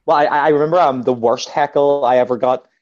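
A man's voice: mid-range voice, a little fast, no echo, lo-fi sound. A man, a stand-up comedian, telling stories in casual chat and acting out what people said. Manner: animated anecdotes with acted-out quotes.

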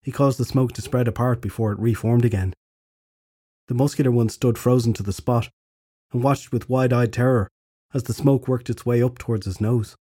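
Man narrating with a dark, husky voice. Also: mid-range voice, steady tone, moderate pace, no room sound, clean studio sound. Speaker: audiobook narrator. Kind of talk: scripted narration.

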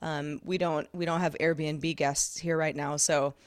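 A woman's voice: sits low, flat delivery, measured pace, no room sound. A woman co-hosting a podcast from her garage studio, talking casually and animatedly, laughing easily. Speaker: podcast co-host. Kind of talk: casual chat.

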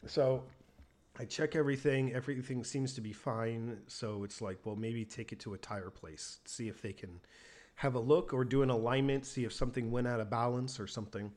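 A man from the United States telling a story in casual chat, lively and acting out the people he quotes. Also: mid-range voice, normal speed.

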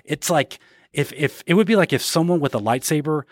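A man's voice: fairly high pitch, brisk, no echo, clean studio sound. A man co-hosting a podcast, ranting sarcastically in casual chat. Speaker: podcast co-host. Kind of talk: casual pop-culture chat.

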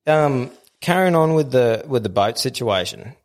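A man's voice: mid-range voice, lively intonation, normal speed. An Australian man spinning a laid-back, blokey yarn on a podcast, swearing freely as he talks. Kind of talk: casual podcast storytelling.

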